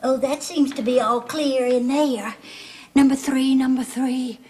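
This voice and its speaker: A woman's voice: high-pitched, steady tone, a little slow, warm tone, husky. An actress playing a fretful middle-aged mother in a 1970s TV soap, fussing, scolding and pleading. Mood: flustered.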